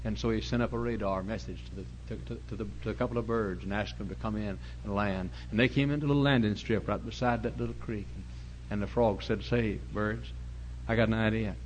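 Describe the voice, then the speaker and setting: A male pastor preaching a sermon, telling folksy stories and rising to loud preaching. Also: on the low side, quick pace, slight background noise.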